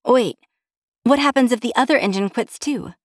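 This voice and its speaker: A woman voicing an excitable pregnant young wife who is easily alarmed, with high, urgent exclamations in an audiobook. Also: fairly quick, no echo, clean studio sound. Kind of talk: audiobook character voice.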